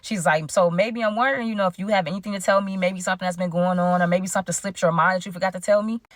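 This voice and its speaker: A young adult woman telling her own story on a live show in a casual, animated way, often calling listeners "y'all" and acting out what others said. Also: on the low side, very fast, no echo, studio quality. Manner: animated, addresses listeners as "y'all", acts out quoted dialogue.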